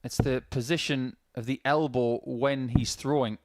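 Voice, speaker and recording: A man's voice: mid-range voice, steady tone, a little slow, darkish tone, no room sound. Give me a man doing analytical live darts commentary, recorded close and dry. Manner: analytical, explains throwing technique at length.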